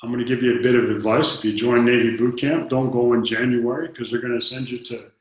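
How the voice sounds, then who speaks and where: A man's voice: mid-range voice, flat delivery, fast talker. Guy in his 50s telling old stories, acts out the voices, really echoey room. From Detroit, United States. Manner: earnest storyteller, acts out dialogue, repeats words when starting a thought. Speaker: interview guest. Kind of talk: storytelling in an interview.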